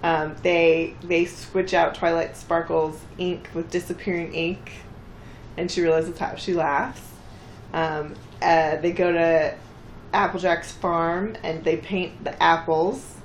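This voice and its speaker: A woman's voice: flat delivery, slow, a little hiss or hum. Chatty woman co-host, echoey room. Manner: chatty, acts out characters' lines with bursts of pitch. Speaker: podcast co-host recapping an episode. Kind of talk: casual chat.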